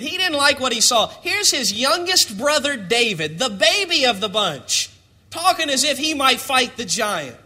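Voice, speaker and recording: High, bright-voiced preacher man. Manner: dramatic, acts out voices of scripture figures; bible reading in a lifted, emphatic voice. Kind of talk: sermon.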